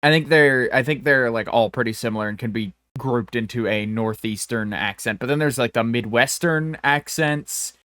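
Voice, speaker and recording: A man's voice: medium pitch, normal speed, hardly any pauses, sharp tone, no echo. A man co-hosting a podcast, chatting casually, opinionated and swearing, with many restarts. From American South or Southwest. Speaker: podcast co-host.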